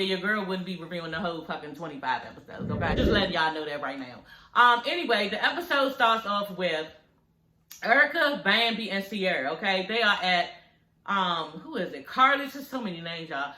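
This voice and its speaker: A woman's voice: medium pitch, sharp tone, echoey room, slight background noise, low-quality recording. A woman recapping a reality TV episode for her viewers in a sassy, gossipy, profane way, talking straight to them. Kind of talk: casual recap vlog.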